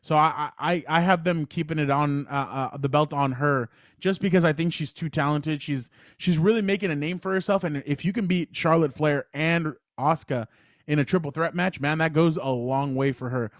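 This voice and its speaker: A man co-hosting a casual sports podcast, talking excitedly and rambling as he retells matches. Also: on the high side, moderate pace, dry recording, clean studio sound. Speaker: podcast co-host.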